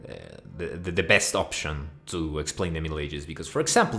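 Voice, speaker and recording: Low male voice, from Mexico, mock-angry comic ranter with a foul mouth, faint music bed. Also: a little fast, sharp tone. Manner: profane, mock-outraged, rambling. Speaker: video essayist. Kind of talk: comedic rant over slides.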